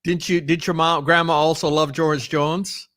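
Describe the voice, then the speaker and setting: A podcast co-host chats casually, rambling with lots of fillers and restarts. His voice is a little high, level and fairly bright at normal speed, captured in clean studio quality with no echo.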